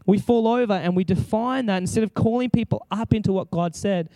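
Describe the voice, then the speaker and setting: A man's voice: sits high, brisk, warm tone, no echo. A man preaching an impassioned sermon, exclaiming and acting out prayers as he speaks.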